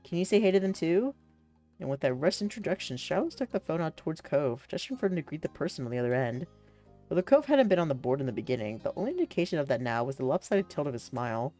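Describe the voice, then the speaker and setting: A woman streamer reading a visual novel aloud, lively and quick to laugh. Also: deep voice.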